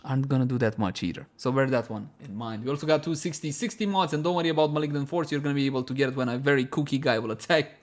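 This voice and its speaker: A man's voice: medium pitch, quick pace. A man narrating a gameplay guide over footage, chatty and self-mocking, talking to his viewers as friends. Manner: chatty and self-mocking, often breaking into laughter; addresses viewers as "my friends", animated. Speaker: game guide creator.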